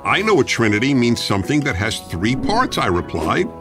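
A man reading a storybook as a cheerful young male dog, in a flat and unvaried reading voice, with background music. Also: medium pitch, lightly acted. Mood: chipper. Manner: reads words evenly, no pauses or voice changes.

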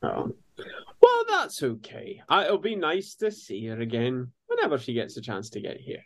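A man's voice: mid-range voice, huge pitch swings, moderate pace, no room sound. A man playing a tabletop roleplaying game, speaking hesitantly with many fillers. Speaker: player.

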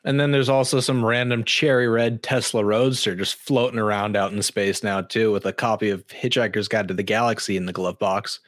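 A man's voice: on the low side, steady tone, a little fast, few pauses, fairly bright tone, no echo, clean studio sound. A young man co-hosting a casual podcast, telling stories with lots of fillers and restarts. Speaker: podcast co-host. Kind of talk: casual chat.

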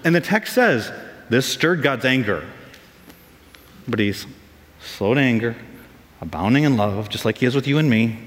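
Lively pastor preaching in a reverberant hall. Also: male voice, moderate pace, long pauses. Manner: animated, acts out quotes in higher voices. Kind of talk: sermon.

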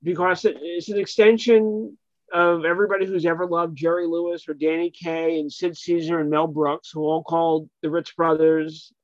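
A man's voice: on the high side, level tone, normal speed, dry recording. A man guest talking about comedy history in a rambling, hesitant way. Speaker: guest, publicist and author. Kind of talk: casual conversation. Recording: dull, dry sound.

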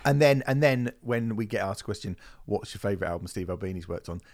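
A man's voice: fairly low pitch, expressive, fast, darkish tone. A man hosting a podcast, chatting casually and animatedly, swearing and mocking critics in quoted voices. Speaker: podcast host.

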